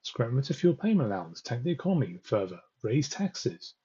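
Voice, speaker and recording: A man's voice: medium pitch, very animated, fairly quick, dark tone, breathy edge, dull audio. A man hosting a live political stream, commenting on election results with an exasperated, ranting manner as he reads the numbers out to viewers. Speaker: political livestream host.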